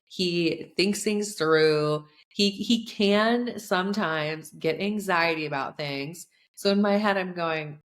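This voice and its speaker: Young woman host telling a story, chatty, lots of "like", lowish voice, takes her time. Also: slow. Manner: chatty, animated retelling with many "like" fillers. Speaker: podcast host and coach. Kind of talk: personal storytelling.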